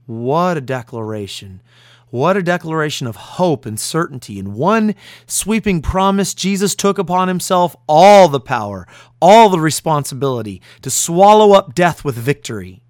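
A man's voice: on the high side, sing-song, normal speed, no room sound, clean studio sound. A man pastor preaching an earnest, emphatic radio sermon.

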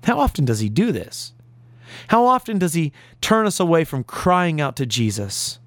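A man delivers a sermon with earnest conviction, his voice pitched a little high. He drops to near-silent pauses and then builds back up with emphasis. The sound is dry and close, with no room around it. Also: sing-song, dry recording. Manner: earnest preaching with rising emphasis and dramatic pauses. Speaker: preacher.

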